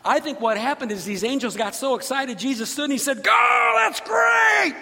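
A man preaching a sermon, telling the story with animated energy, acting out characters and sometimes shouting. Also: extremely high pitch, fast talker, heavy background noise. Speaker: pastor. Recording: long reverb of a large hall.

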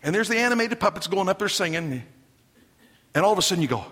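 A man preaching a sermon in an emphatic, animated way, with joking asides to the congregation. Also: high voice, fast, husky, in a large hall. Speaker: pastor.

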